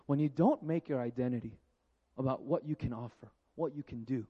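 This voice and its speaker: A man preaching a sermon with jokes, moving between lively storytelling and hushed, slow reflection. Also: mid-range voice, breathy edge. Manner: animated and joking, then hushed and reflective. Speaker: pastor. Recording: dull lo-fi sound.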